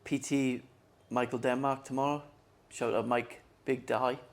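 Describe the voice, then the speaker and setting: A laid-back young man with a mid-pitched voice, co-hosting a casual podcast. He swears easily and recalls family stories. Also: flat delivery, a little slow. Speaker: podcast co-host. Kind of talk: casual chat.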